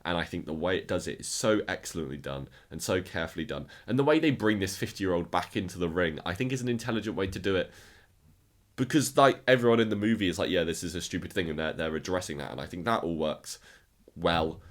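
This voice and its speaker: A man's voice: sits low, expressive, fast. A man casually ranking films in a review video, enthusiastic and often repeating words as he restarts his sentences. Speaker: film reviewer.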